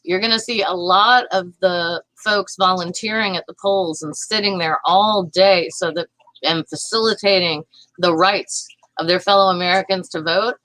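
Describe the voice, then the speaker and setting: Southern woman, live-stream host, heated fast chatter, bright voice, dry close sound. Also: fairly low pitch, steady tone, dry recording, low-quality recording. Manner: fast, heated, talks to chat viewers. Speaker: livestream host reading chat. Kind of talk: casual political livestream chat.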